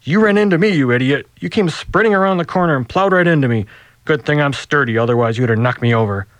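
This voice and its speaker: A man doing a shrill angry woman shopper. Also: quick pace, dry recording, close to an everyday voice. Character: stout shouting woman shopper, rude and indignant.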